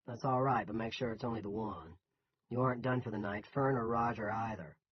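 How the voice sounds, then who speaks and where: A man's voice: lowish voice, brisk, slightly rough, lo-fi sound. A man voicing a blustering middle-aged male town boss who gives commanding, scoffing, folksy orders. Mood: bossy.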